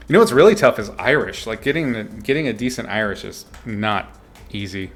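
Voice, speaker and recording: A man's voice: mid-range voice, animated, a little slow, soft background music. A man talking casually to his viewers on a livestream, answering chat and laughing often. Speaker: streamer chatting with viewers while painting.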